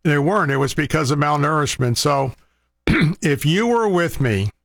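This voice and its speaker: A man's voice: fairly high pitch, lively intonation, normal speed, creaky, fairly bright tone, dry recording, clean studio sound. A man hosting a faith talk show, making a heartfelt, rambling fundraising appeal with many restarts.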